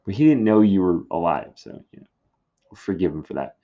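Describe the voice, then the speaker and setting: A man's voice: low-pitched, sing-song, brisk, dark tone, lo-fi sound. A male teacher giving a recorded literature lesson, talking casually with wry asides.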